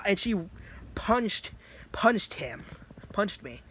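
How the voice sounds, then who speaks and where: A man recounting a story in a loose, rambling way, tripping over restarts and laughing as he goes. His voice sits a little high, with a faint hiss of background noise. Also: a little slow, pauses often, bright, forceful tone. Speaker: youtuber. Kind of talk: casual storytelling.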